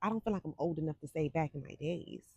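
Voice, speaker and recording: A woman in her forties with a deep, warm voice and a breathy edge talks fast while hosting a psychic livestream. She's chatty and sassy, speaking directly to viewers, and her desk microphone gives a dry, dull-sounding recording.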